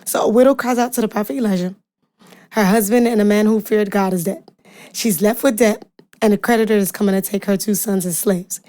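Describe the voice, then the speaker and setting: A woman hosting a podcast, giving a casual devotional Bible message in a chatty, animated way with slang and quick asides. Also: mid-range voice.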